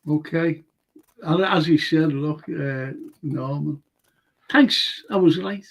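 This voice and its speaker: A man's voice: on the high side, takes it slowly, highs cut off. An older man hosting a casual chat show, rambling through anecdotes with lots of fillers. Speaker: show host.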